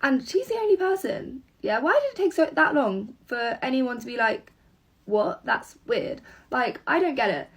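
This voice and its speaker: Woman vlogger, husky high tone, heated casual rant, recorded off-mic. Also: moderate pace, few pauses, far from the mic. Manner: indignant, swearing, animated retelling. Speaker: storyteller. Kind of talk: casual story vlog.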